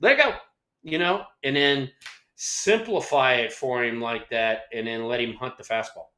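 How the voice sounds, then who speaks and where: A man's voice: medium pitch, measured pace, bright, forceful tone, echoey room. A man in his sixties co-hosting a sports talk show, telling stories in a rambling way with lots of fillers. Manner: rambling storyteller, lots of "you know". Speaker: former ballplayer co-host. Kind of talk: casual sports chat.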